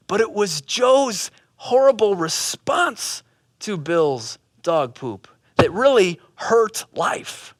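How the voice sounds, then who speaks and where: A male pastor preaching a sermon, telling a comic parable in an animated, casual way with bits of slang. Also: high voice, slow, dry recording, clean studio sound.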